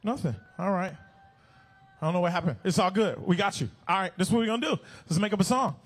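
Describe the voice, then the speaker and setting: A man working as an event MC, shouting playfully to a crowd of kids and running call-and-response games. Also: sits high, fast talker. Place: outdoor stadium fan event.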